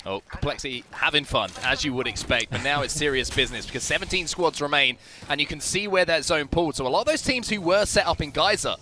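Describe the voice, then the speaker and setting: Bright, high-pitched British caster. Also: male voice, quick pace, slight background noise. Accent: British or Australian English. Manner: energetic, rising on big plays. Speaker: esports caster. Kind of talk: play-by-play commentary.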